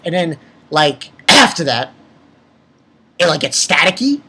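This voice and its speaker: A man's voice: sits high, very animated, measured pace, sharp tone, slightly rough. A man giving a casual spoken review of an episode. He rambles, swears freely and often restarts his sentences. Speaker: anime reviewer.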